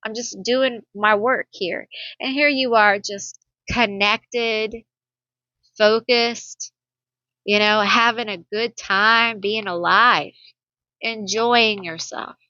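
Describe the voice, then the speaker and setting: Slow, blunt woman reading tarot. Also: mid-range voice, steady tone, bright, forceful tone, no room sound, lo-fi sound. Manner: blunt and sassy, laughs often. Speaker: tarot reader. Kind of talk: pick-a-card tarot reading.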